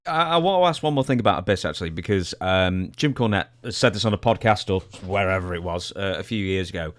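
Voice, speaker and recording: Deep-voiced man asking questions. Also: lively intonation, quick pace. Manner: laughs along, asks questions with fillers. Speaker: podcast co-host asking questions. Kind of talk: casual interview.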